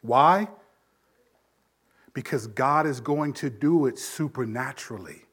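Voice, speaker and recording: A man preaching a sermon as pastor, building emphasis with sudden swells in volume and dropping low to make a point. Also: takes it slowly, fairly bright tone, slightly rough.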